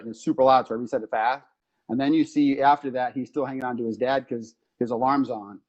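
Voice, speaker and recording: A man on a podcast explaining anxiety in a casual, animated way, acting out little stories as he goes. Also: mid-range voice, fast, lo-fi sound. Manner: animated storytelling with acted-out quotes. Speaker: podcast co-host explaining psychology.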